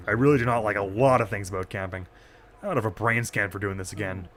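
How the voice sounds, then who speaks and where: A man's voice: lowish voice, steady tone, quick pace. A man casually commentating his gameplay stream, chatty and self-deprecating.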